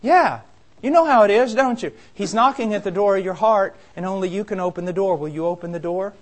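Male preacher, high voice, impassioned sermon delivery with sharp loud-soft swings. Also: a little fast. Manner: impassioned, emphatic, shifts between quiet and loud.

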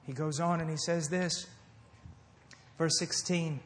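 A high-voiced middle-aged American man delivers a fervent sermon. His voice rings through an echoey hall, swelling into forceful emphasis and then falling to soft, earnest pleading. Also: steady tone, slow pace, long pauses. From United States. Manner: impassioned preaching, swinging between loud emphasis and hushed tenderness. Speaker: preacher. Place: church service before a congregation.

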